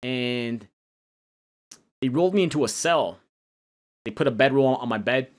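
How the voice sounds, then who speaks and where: A young man recounts his own experience in a loose, conversational way. He stumbles and restarts often and drops in casual slang, and his voice sits at an ordinary middle pitch. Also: lively intonation, measured pace. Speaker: storyteller. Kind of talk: personal storytelling.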